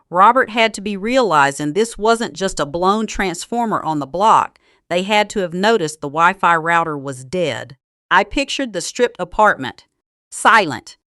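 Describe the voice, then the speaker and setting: A woman narrating a first-person drama story in a calm, cutting and deliberate way. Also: fairly low pitch, smooth, dry recording, studio quality.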